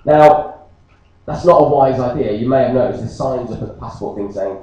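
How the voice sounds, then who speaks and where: Joking British pastor in an echoey church. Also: male voice, mid-range voice, fairly quick, distant mic, dull audio. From Britain. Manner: jokey, animated storytelling. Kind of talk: sermon with personal story.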